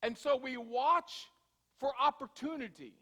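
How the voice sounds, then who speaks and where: A male pastor with a very high voice delivers a sermon, ringing with the long reverb of a church hall. He talks conversationally, slowing for emphasis and hurrying through asides. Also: bright, forceful tone. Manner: conversational storytelling, shifting from slow emphasis to quick asides. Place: church sanctuary.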